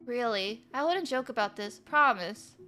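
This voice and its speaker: A woman voicing a deadpan dating-game protagonist who speaks in a deliberate monotone. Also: on the high side, faint music behind. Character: deadpan young protagonist who cares about nothing.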